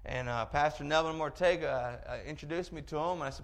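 A man preaching a sermon, telling a story in an animated way with chuckling asides. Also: fairly high pitch, fairly quick, few pauses.

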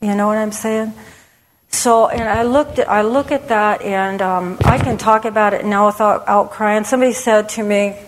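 A woman's voice: medium pitch, normal speed, a little hiss or hum. A middle-aged woman giving a candid personal testimony to a church audience, conversational and frank, with many restarts. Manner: candid, conversational, with frequent restarts and "you know". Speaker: women's ministry speaker. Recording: long hall reverb.

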